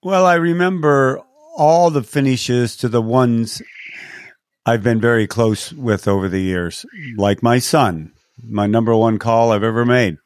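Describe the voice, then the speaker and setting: A man's voice: medium pitch, unhurried, no echo, clean studio sound. Older man, race announcer telling stories. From San Diego, California. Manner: animated, acts out quotes with lifted voice. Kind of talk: storytelling interview answers.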